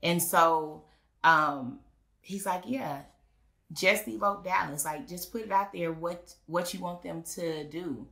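In an echoey room, a woman who runs a business and officiates weddings tells stories during a casual interview. Her fairly low voice has vocal fry and an unhurried pace, and she animatedly performs the voices of the people she quotes.

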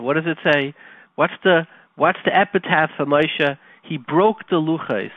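A man hosting a radio talk show, telling a story and teaching Torah, animated and conversational, dropping to quiet retellings. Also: on the high side, no echo. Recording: tinny phone-like line, dry.

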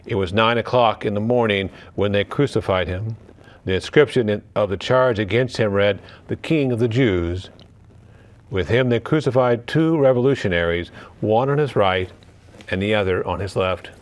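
Priest, male, lowish voice, measured Gospel reading and homily with occasional restarts.

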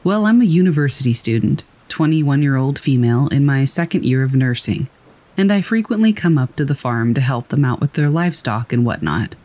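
A man reading scary first-person stories aloud in a calm, steady storytelling voice. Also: mid-range voice, fairly quick. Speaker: narrator. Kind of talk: scripted narration of scary stories. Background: rain.

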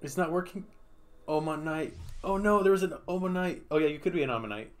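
A man's voice: fairly high pitch, lively intonation, fast talker. A man streaming a game, chatting casually and playfully, laughing often and talking to the creatures on screen. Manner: playful, giggly, talks to the game. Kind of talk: casual gameplay commentary.

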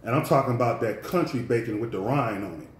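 A man co-hosting a casual cooking show, telling stories in an animated, teasing way. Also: medium pitch, fast, roomy sound. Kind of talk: casual chat.

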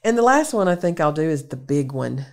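A woman's voice: sits low, sing-song, a little fast. A woman giving an earnest, conversational Bible lesson to a women's gathering. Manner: conversational, earnest, lists examples with emphasis. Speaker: women's day speaker.

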